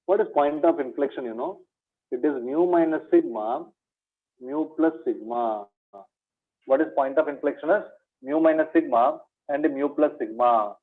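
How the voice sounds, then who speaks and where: Over phone-quality audio, a medium-pitched man speaks at normal speed while teaching a maths exam revision lecture. He repeats key points, poses rhetorical questions, and calls his students "my dear."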